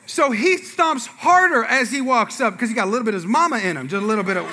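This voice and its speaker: A man's voice: very high-pitched, quick pace, hardly any pauses, pushed and bright. A man preaching a sermon in a church, telling a family story with acted-out dialogue and asides to the congregation. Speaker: pastor.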